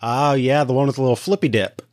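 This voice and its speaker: A man's voice: mid-range voice, fairly even intonation, fast talker, darkish tone, no echo, clean studio sound. Playful man chatting on a video call. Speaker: conversation partner. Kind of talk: casual video call chat.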